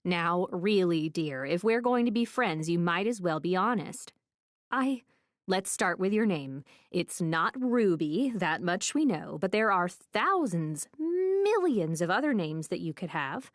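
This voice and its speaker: A woman's voice: on the low side, sing-song, dry recording, studio quality. Woman voicing a kindly old psychic lady. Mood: coaxing. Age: older. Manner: slow, soothing, motherly, calls everyone dear.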